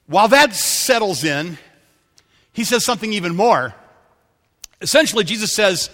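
A man preaching a sermon as a pastor, telling stories, dropping to a hush for quoted lines and rising for emphasis. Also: sits high, animated, moderate pace, pauses often, big-room sound.

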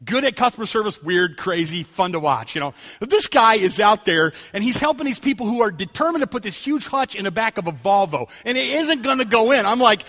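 High, bright-voiced man preaching in a hall. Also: lively intonation, quick pace, few pauses. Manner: storytelling, conversational with rising emphatic calls. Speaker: pastor. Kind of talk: sermon. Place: church sanctuary. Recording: church hall reverb.

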